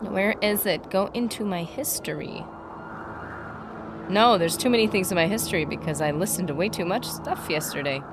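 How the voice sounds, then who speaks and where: A woman livestreaming a game, chatting excitedly and casually with her viewers. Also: on the low side, noisy background. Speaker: streamer. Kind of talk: casual livestream gaming chat.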